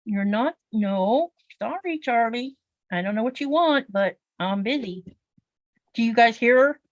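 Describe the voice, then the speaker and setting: A woman's voice: fairly high pitch, expressive, a little slow, no echo, lo-fi sound. A woman chatting casually on a sewing livestream as co-host, telling long rambling stories with many fillers.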